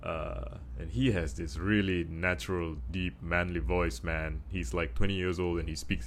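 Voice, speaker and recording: A young Singaporean man with a Singaporean accent, musing in a casual video monologue and deliberately speaking slowly from his chest. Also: fairly even intonation, slight background noise. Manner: practicing a slow, deep, chest voice; thoughtful, many fillers and restarts. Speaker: vlogger.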